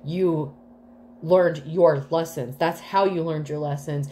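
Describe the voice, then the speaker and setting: A woman's voice: sits low, fairly even intonation, slow, warm tone, a little hiss or hum. A woman giving a casual tarot reading to the collective, rambling with many fillers, swearing freely and getting emotional. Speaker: tarot reader.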